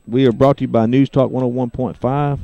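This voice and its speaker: A man doing play-by-play for a high school football broadcast, relaxed and chatty with lots of fillers. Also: a little fast, gravelly, no echo, muffled recording. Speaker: play-by-play announcer.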